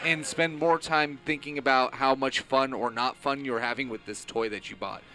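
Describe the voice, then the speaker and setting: A man's voice: medium pitch, fairly even intonation, normal speed. A man co-hosting a casual chat show, talking in long rambling runs with restarts. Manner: rambling, enthusiastic, stammers on restarts. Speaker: co-host.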